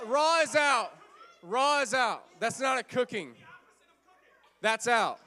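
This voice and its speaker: A man hosting a party game for a church youth group, playful and teasing, now and then shouting over the room. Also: very high voice, animated, slow pace, pauses often, a faint crowd.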